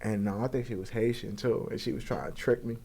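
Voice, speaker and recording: Fast-talking young man telling his story. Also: medium pitch, vocal fry, breathy edge. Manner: animated, acts out quoted voices, profane street slang. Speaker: guest. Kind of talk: casual storytelling interview.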